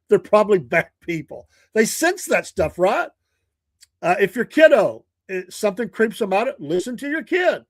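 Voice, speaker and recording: A man's voice: on the high side, dry recording, studio quality. An older man from Georgia, chatting casually and folksily as a show guest, chuckling often and repeating himself. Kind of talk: casual chat.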